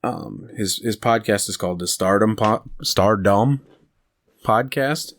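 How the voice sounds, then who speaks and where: Man, deep low voice, casual podcast chat, rambling, chuckling. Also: a little slow. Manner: rambling, laughs at his own stories. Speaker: podcast co-host.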